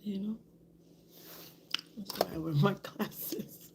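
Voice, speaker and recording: A woman's voice: mid-range voice, slow, creaky, background noise. A woman vlogger telling a story in a candid, rambling way, often dropping to a whisper. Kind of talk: casual storytelling to camera.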